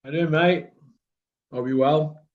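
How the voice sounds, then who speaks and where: A man with a Birmingham accent hosting a casual online chat, blunt and rambling, quick to laugh. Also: fairly high pitch. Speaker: host. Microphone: video call. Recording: muffled lo-fi video call audio.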